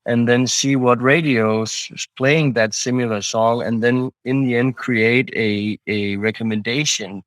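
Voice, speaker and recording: Man, founder type, interview guest; hesitant, lots of restarts, dry close sound, mid pitch. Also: fairly even intonation, a little slow, hardly any pauses, no echo, poor audio. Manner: hesitant, many restarts and fillers. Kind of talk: casual interview talk.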